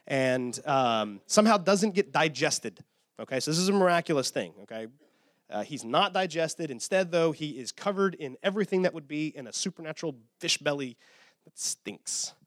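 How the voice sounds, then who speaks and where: A man preaching a sermon as a pastor, retelling a story in an animated, casual way with frequent "okay?" checks, a little tired from short sleep. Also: a little high, moderate pace, no echo, studio quality.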